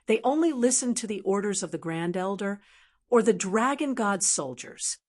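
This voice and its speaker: A woman narrating a martial arts fantasy audiobook in a steady, even storytelling manner. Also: medium pitch, normal speed. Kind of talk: scripted narration.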